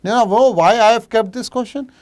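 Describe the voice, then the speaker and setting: A middle-aged man with an Indian English accent, teaching a live online revision lecture for a medical exam. He walks through case questions, reacts to viewers' answers from the chat, and switches into Hindi for quick asides. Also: extremely high pitch. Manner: explains cases while reading out viewers' chat answers.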